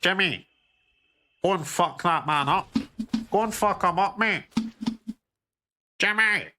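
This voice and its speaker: Glasgow accent, aggressive thug, put on by a man, high yelling, slow, noisy. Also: animated. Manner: shouty, aggressive. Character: rough Glasgow thug egging on a fight.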